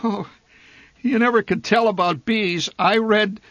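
A man's voice: fairly even intonation, unhurried, fairly bright tone, no echo. A man voicing a timid, fearful mother who shrieks and whimpers in a spoken story reading. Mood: weak. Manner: shrill, whimpering.

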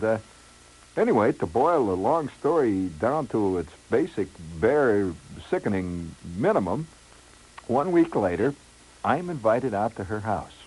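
A man's voice: lowish voice, a little mellow, a little hiss or hum, rough recording. A middle-aged man telling a comic first-person story in a wry, rambling way with lots of asides. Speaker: radio storyteller.

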